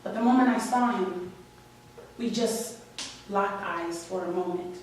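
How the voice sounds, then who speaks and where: A young woman from Washington Heights, New York, tells a candid, wry, emotional personal story at a live story slam. Her mid-range voice is unhurried and a little mellow. The recording is echoey and distant-miked, with faint ambience and slight background noise.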